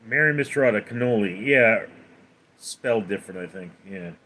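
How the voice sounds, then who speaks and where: A man's voice: on the low side, moderate pace, bright, forceful tone. A man chatting casually on a livestream, answering viewers' questions in a rambling, hesitant way. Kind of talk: casual live chat.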